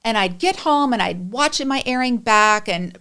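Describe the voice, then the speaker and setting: A woman's voice: on the high side, animated, normal speed, sharp tone, clean tone. A middle-aged woman speaking candidly and emotionally as a podcast guest, rambling through personal stories.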